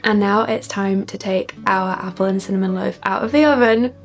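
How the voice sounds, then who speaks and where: A young woman chatting casually in a home vlog, enthusiastic and sometimes dropping to a soft hush. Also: medium pitch, moderate pace, faint music behind. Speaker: vlogger. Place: cosy home reading corner.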